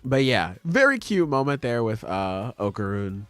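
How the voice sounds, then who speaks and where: This man's mid-range voice is very animated, a bit bright and smooth, at a moderate pace with no echo and faint music behind him. Co-hosting a podcast, he loosely chats through manga chapter recaps, cursing and slipping into offhand impressions of the characters.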